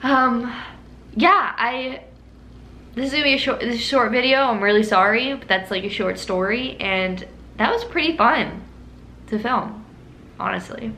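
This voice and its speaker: A young woman vlogger telling a childhood story in a chatty, animated way, with lots of laughs and filler words. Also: a little high, moderate pace. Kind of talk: casual story-time monologue. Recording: roomy room echo with faint hiss.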